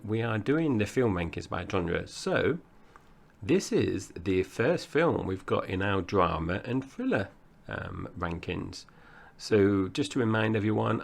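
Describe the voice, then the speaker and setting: Gravelly deep-voiced Essex man in his forties. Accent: Essex, Cockney-tinged. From Essex, England. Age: 40s. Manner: rambling, chatty, laughs often. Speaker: podcast co-host. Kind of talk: casual film podcast chat.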